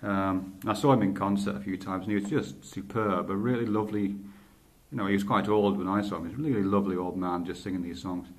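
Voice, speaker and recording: Man, lower voice, casual spoken monologue, rambling, self-correcting, informal. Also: steady tone, fast talker. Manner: rambling, stops to correct himself. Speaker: podcaster.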